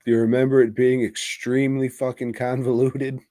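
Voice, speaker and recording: A man's voice: medium pitch, little pitch movement, moderate pace, mellow, no echo. A man co-hosting a podcast, rambling through a casual movie review while drinking, swearing constantly and laughing mid-sentence. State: drinking, tipsy. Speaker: podcast co-host.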